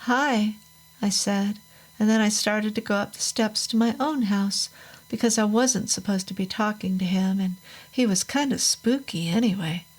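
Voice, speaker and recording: A woman reading a first-person horror story aloud in a measured, unhurried storytelling manner. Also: medium pitch, a little mellow, low-quality recording. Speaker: narrator. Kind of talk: scripted horror story narration.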